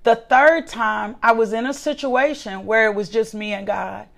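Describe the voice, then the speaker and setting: A woman's voice: on the high side, fairly even intonation, moderate pace, gravelly, a bit bright. A woman preaching a sermon, emphatic, repeating key phrases and often asking "right?".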